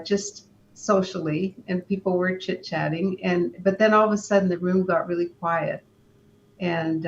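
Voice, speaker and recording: A woman, a guest in an interview, telling a personal story in a calm, unhurried way, often stopping to restart her sentences. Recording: dull lo-fi sound with faint rumble.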